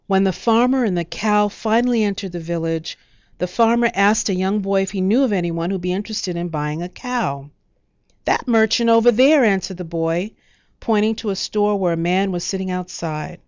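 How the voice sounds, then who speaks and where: A woman narrating a storybook in a measured, expressive reading. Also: mid-range voice, smooth, no room sound, highs cut off.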